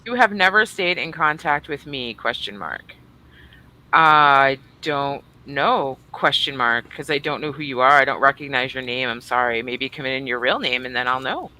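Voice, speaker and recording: This livestream co-host has a very deep, expressive voice with a sharp tone and moderate pace. She welcomes viewers in a bubbly, teasing manner, alternating squeals with mutters.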